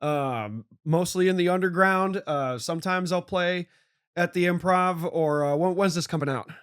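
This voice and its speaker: Man, comedian guest, casual chat, laid-back, slightly high voice. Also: normal speed, a bit bright, smooth.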